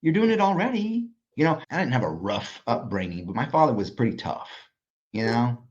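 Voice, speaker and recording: A man telling stories as a podcast guest, animated and profane. His voice has a middle pitch. The audio is a little dull and lo-fi. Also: brisk, a little hiss or hum. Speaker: guest, designer and author. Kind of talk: casual podcast conversation.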